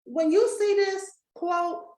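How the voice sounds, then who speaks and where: A woman's voice: very high-pitched, fairly even intonation, slow pace, mellow, echoey room, low-quality recording. A woman giving a folksy motivational talk to a live and online audience, speaking straight to the crowd. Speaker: summit speaker and coach.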